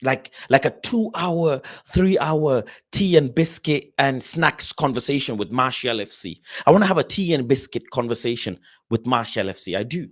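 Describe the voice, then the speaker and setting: Animated and speaking at a normal speed, a young host runs a casual football live stream. As he reads viewer messages, he talks passionately, moving from loud ranting to low, muttered comments.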